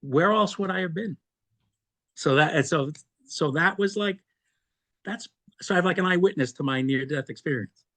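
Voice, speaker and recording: A middle-aged man, an interview guest, telling a personal story in casual conversation, animated and quick to laugh, often restarting and repeating words. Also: a little high.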